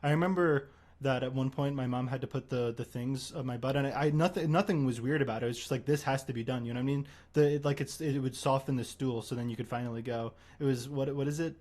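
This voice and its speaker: A male streamer in casual conversation with a guest, his pitch sitting in the ordinary middle range. He rambles and stammers through restarts, often poking fun at himself. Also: fairly even intonation, fast talker, a little mellow. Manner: rambling, stammering, self-mocking. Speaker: streamer host. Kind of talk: casual chat on a livestream.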